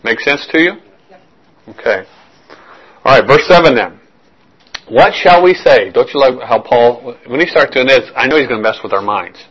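A man's voice: medium pitch, lively intonation, normal speed, a bit bright, breathy edge, dull audio. A man preaching a verse-by-verse sermon in a conversational way, often checking in with his listeners and repeating phrases as he works through a point. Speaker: pastor.

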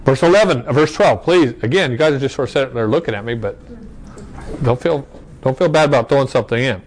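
A man with a mid-range voice teaches Bible study at a quick clip, reading verses aloud with restarted phrases, rhetorical questions, and frequent "okay?" check-ins. The audio is poor, with a slight hiss or hum.

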